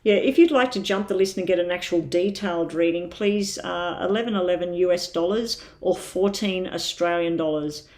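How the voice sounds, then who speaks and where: A woman from Ireland in her fifties, whose Irish accent carries a slight British tinge, gives tarot readings on a live stream, rambling along with many ums. Her voice is on the low side and a little mellow, at a moderate pace with hardly any pauses.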